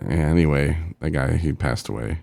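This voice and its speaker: A man's voice: rumbling low, normal speed, vocal fry, a little mellow, no room sound, clean studio sound. A man co-hosting a podcast in casual, rambling chat, joking and trailing off as he goes through a list. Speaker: podcast co-host.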